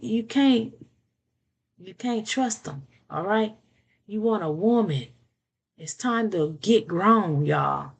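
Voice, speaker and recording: An older woman giving blunt, preachy relationship advice in a casual monologue, often repeating words and checking in with "okay?". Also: mid-range voice.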